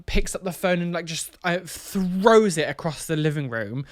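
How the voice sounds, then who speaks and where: Smooth-voiced young man. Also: on the high side, expressive, no echo, clean studio sound. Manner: candid, emotional, halting with fillers. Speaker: vlogger. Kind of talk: personal storytelling to camera.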